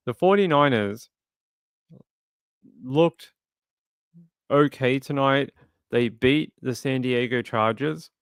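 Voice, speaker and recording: A man's voice: medium pitch, fairly bright tone, clean tone, no echo, clean studio sound. A man hosting a true crime livestream, chatting casually and reading viewer comments aloud with sympathy. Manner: conversational, sympathetic, reads chat aloud.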